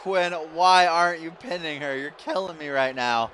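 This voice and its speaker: A young man doing excited, exasperated play-by-play commentary while playing a wrestling video game, laughing at the mistakes. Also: fairly high pitch, normal speed, a little hiss or hum. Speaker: gaming YouTuber.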